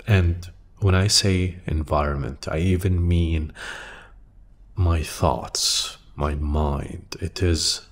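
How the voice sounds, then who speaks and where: A man hosting a reflective solo podcast, speaking thoughtfully and hesitantly into a microphone in a quiet room, often restarting and trailing off softly. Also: low-pitched, fairly even intonation, slow pace. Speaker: podcast host. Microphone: studio microphone.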